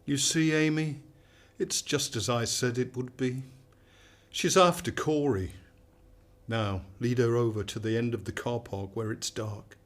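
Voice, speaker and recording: A man's voice: medium pitch, a little slow, lightly acted. A man playing a sinister soothing AI. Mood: commanding. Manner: calm, soothing, manipulative. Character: sinister controlling male AI companion. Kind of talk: radio drama acting.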